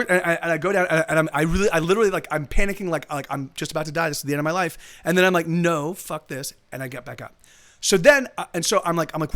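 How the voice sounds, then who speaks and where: A man's voice: fairly high pitch, fairly bright tone. A man telling a story in casual chat on a live stream, rambling and swearing as he corrects himself. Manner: rambling, profane, full of self-corrections.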